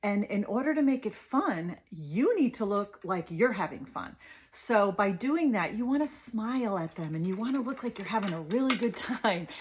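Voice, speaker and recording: Therapist, woman, 30s; explains plainly, switches to animated sing-song for toddlers. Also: mid-range voice, moderate pace, breathy edge. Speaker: speech-language pathologist. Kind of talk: parent coaching lesson with toy demo.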